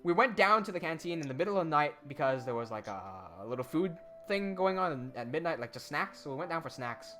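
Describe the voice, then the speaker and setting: A young man telling a story in casual chat, animated, with quick asides and swearing. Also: on the high side, soft background music.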